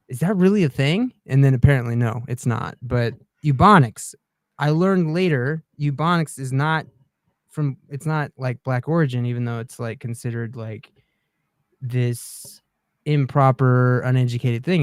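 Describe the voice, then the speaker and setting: A man's voice: mid-range voice, smooth, no echo, studio quality. A man from Texas co-hosting a casual livestream talk show, laid-back and rambling. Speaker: podcast co-host.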